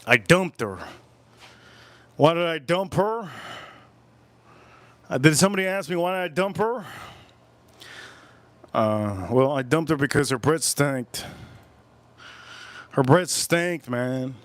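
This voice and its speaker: A man's voice: fairly high pitch, expressive, takes it slowly, pauses often, no room sound. A man hosting a casual livestream while drinking, rambling, repeating himself, and cracking crude jokes. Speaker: livestream host.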